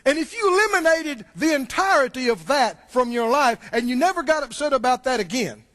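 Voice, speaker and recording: Animated, high-pitched male preacher. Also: brisk. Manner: animated preaching with rhetorical questions. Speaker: pastor. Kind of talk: sermon.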